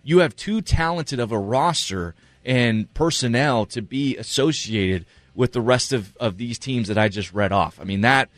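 A man's voice: medium pitch, animated, moderate pace, hardly any pauses, fairly bright tone, no echo, faint music behind. A man co-hosting a sports talk show, giving earnest, emphatic analysis and repeating his points for stress. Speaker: sports radio co-host.

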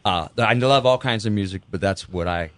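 A man, a festival organizer, talking on a radio show in a relaxed, friendly, promotional way. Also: fairly low pitch, moderate pace, no echo. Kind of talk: casual radio interview.

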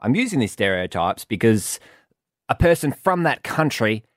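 A man's voice: mid-range voice, big pitch swings, moderate pace, no echo, clean studio sound. A man hosting a radio show, joking around and reading out clues for a quiz game. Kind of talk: casual radio banter.

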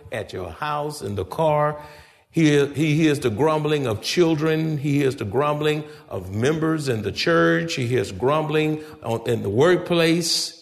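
A man's voice: on the high side, gravelly. A man preaching a sermon as pastor, speaking emphatically, firing rhetorical questions at his congregation and speaking to them directly. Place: church sanctuary. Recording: echoey church hall reverb.

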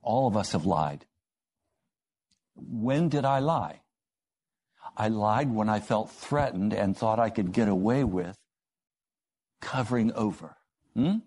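A man preaching a sermon, telling stories and acting out the voices in them with lively rises in pitch. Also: slow pace, long pauses, breathy edge. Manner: storytelling, acting out quoted dialogue with rising pitch.

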